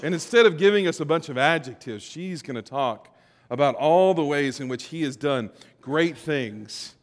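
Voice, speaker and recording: A middle-aged man preaches to his congregation in an easy, conversational way, slipping jokes and stories into the sermon. His voice sits a little high for a man. It carries a long reverb from a large church auditorium. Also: expressive, normal speed. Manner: conversational, joking storyteller. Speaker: pastor.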